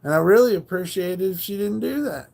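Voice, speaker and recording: A man with a gravelly voice that sits a little higher than most men's. He hosts a livestream and spins a loose, rambling story full of slang and swearing. His delivery is casual and unpolished. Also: fairly quick, a little mellow. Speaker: livestream host.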